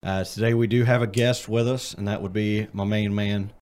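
A man's voice: on the low side, steady tone, normal speed, darkish tone. A young man hosting a casual podcast, talking loosely and joking around with his friends. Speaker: podcast host.

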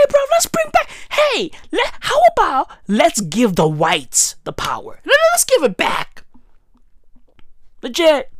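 Brief: man, exasperated profane rant, slow delivery with big pitch swings, dry close sound. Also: fairly bright tone, no room sound. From South Africa. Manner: profane, exasperated ranting with slang fillers. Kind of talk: casual monologue vlog. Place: dark room at home, no fan.

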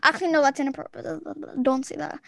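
A woman hosting a casual podcast over a Zoom call, chatty and giggly, breaking into quick excited bursts. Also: sits high, creaky, no echo, studio quality. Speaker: podcast host. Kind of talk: casual chat.

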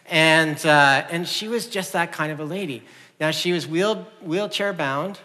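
Middle-aged guy preaching, bright voice a bit high, earnest and chatty, long hall echo. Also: unhurried. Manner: conversational, earnest, with frequent restarts and fillers. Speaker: pastor. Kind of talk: sermon. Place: church sanctuary.

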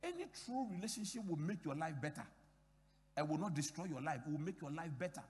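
A man's voice: fairly high pitch, lively intonation, quick pace, darkish tone, in a large hall. A middle-aged man from Ghana preaching a sermon as pastor, emphatic, repeating key phrases and acting out dialogue in his stories.

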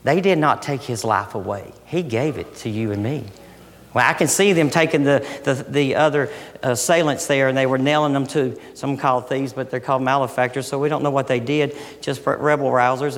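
A middle-aged man preaching a sermon with passion, swinging from loud emphatic lines down to soft, hushed ones. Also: medium pitch. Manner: impassioned, rising and falling between loud emphasis and soft near-whispers. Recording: long hall reverb.

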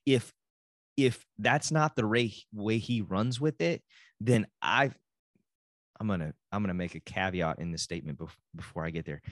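A man's voice: on the low side, moderate pace, no room sound. A middle-aged man from Texas with a Texan accent, talking casually and rambling with self-interruptions on his own podcast. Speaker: podcast host and dad. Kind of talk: casual solo podcast talk.

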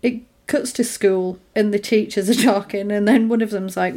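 A woman's voice: medium pitch, fairly even intonation, normal speed, dark tone. A woman chatting casually, recapping film scenes and acting out the characters' lines.

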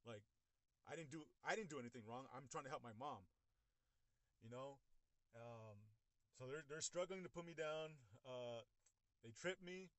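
A young man casually retelling a personal story. He talks in a halting way, repeats words and acts out what others said. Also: medium pitch, a bit bright, dry recording.

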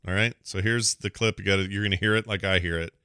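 A man's voice: sits low, steady tone, fast talker, sharp tone, clean tone, no room sound, clean studio sound. A man hosting a casual film podcast, joking and playing movie clips for his co-hosts. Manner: plays clips and jokes. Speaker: podcast host. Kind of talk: casual chat.

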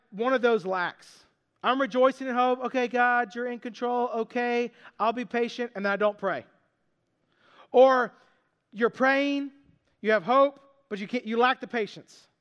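High-voiced man preaching earnestly. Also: a bit bright. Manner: earnest, conversational preaching, acting out quoted lines. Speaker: pastor. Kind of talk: sermon.

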